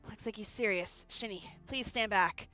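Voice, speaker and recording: A woman voicing a calm, loyal male knight who speaks in a measured, grave way. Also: medium pitch, lo-fi sound, soft background music, lightly acted.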